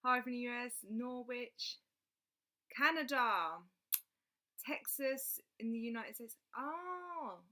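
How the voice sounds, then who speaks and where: A woman's voice: fairly high pitch, bright, forceful tone. A woman chatting casually on a livestream, reading out viewer comments and laughing often. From England. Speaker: livestream host.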